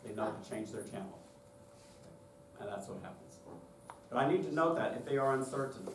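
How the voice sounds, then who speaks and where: At a conference, a man leads a choir directors' workshop, walking through his methods step by step with demonstrations and frequently checking in with "okay?". His voice is medium-pitched and expressive at a moderate pace, and the recording sounds roomy and distant with faint noise.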